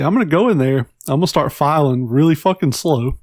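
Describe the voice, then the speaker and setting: Blunt higher-voiced man cursing. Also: fairly quick, darkish tone, no echo, clean studio sound. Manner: blunt, defiant, profane. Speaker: podcast co-host. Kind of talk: casual chat.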